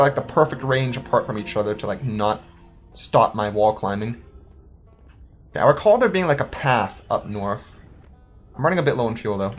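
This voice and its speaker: Rambling young gamer with a lively voice. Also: medium pitch. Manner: thinks aloud, rambling and self-questioning; playful, quick to laugh. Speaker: let's-play gamer. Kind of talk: casual gameplay commentary.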